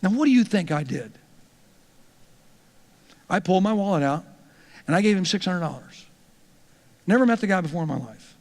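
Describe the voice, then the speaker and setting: A man's voice: high voice, expressive, moderate pace, long pauses, long reverb tail. A male pastor teaching church leaders in a conversational, storytelling way, often repeating words as he starts a thought.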